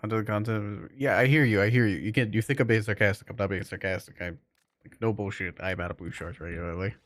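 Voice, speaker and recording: Male streamer, lowish voice, dry close sound, loose rambling chat with viewers. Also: steady tone, quick pace, a bit bright, dry recording. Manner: loose, rambling, lots of fillers. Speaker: game streamer.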